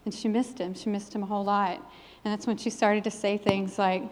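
A woman's voice: mid-range voice, little pitch movement, moderate pace, few pauses, a little mellow, a little hiss or hum. Earnest woman preaching in an echoing hall. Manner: earnest, emphatic preaching cadence. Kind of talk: sermon with personal testimony. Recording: long hall reverb.

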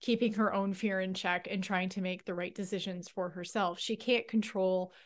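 A woman's voice: mid-range voice, steady tone, moderate pace. A woman co-hosting a podcast in casual chat, earnest and thoughtful, with some restarts. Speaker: podcast co-host.

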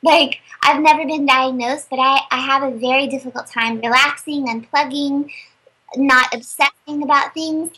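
Brief: young woman voice actor, high and bright, chatty interview guest. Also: moderate pace, poor audio. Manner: chatty, animated storyteller with many fillers. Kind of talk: casual interview chat.

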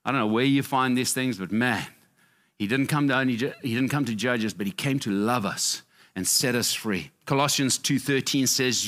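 A middle-aged man preaching a sermon with passionate, repetitive emphasis, rising for key points and dropping low for asides. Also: moderate pace, fairly bright tone. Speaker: pastor.

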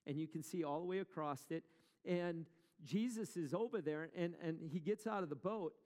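A man's voice: on the high side, normal speed, a little mellow, long reverb tail. A male pastor preaching a sermon in a conversational way, asking the congregation questions as he retells a story.

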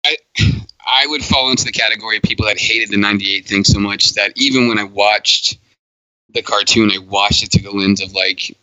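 A man with a low but very sharp, bright voice chatting on a podcast. He stammers his way into earnest opinions. The recording is dull and dry. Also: fairly even intonation, a little fast, no echo. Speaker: podcast co-host. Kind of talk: casual podcast chat.

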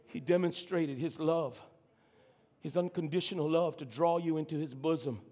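Preacher, male, high voice, big swings from shouts to hushes, long hall reverb. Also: normal speed. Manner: preaching with wide swings from shouting to near whisper. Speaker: pastor. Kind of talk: sermon.

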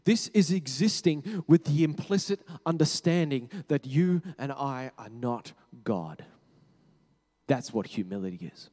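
A man preaching a sermon, talking conversationally, correcting himself and dropping to quiet low tones for emphasis. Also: expressive, unhurried. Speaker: pastor. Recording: long hall reverb.

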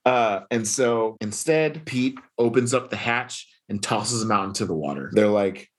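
A man's voice: lowish voice, moderate pace, slightly rough. A man casually recapping a story on a podcast, chatty, laughing often and swearing freely. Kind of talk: casual comic book recap.

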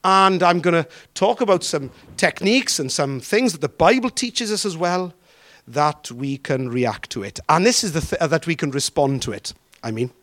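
A man preaching a sermon, drawing out key words and throwing questions to the congregation. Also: a little high. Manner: animated, drawn-out emphatic phrasing with questions to the congregation.

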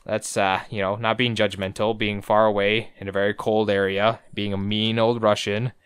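Low smooth guy rambling through a cartoon recap, swears a lot, dry close sound. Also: little pitch movement, moderate pace, fairly bright tone, no room sound. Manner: joking, profane, rambling. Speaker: podcast co-host. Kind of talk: casual recap chat.

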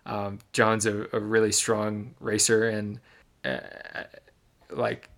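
A young man from Michigan tells a race story in a relaxed podcast chat, going through it in close, reflective detail. His voice sits low, with a gravelly, fry-tinged edge. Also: slow. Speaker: podcast co-host.

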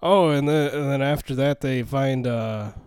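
A man's voice: mid-range voice, measured pace, smooth, no echo, clean studio sound. A man co-hosting a podcast, retelling a movie plot in casual chat, laughing and swearing often. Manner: laughing, profane, animated retelling. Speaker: podcast co-host.

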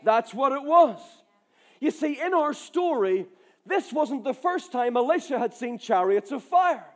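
A man with a Northern Irish accent preaching a sermon, animated and emphatic as he tells a story. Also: very high-pitched, measured pace. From Ireland. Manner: animated, emphatic, acts out dialogue.

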